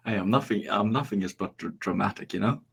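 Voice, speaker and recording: A man with a somewhat low voice plays a tabletop game. He lays out his character's actions haltingly, stumbling and restarting as he thinks. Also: creaky, fairly bright tone, husky. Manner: halting, stammers and restarts while planning. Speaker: player.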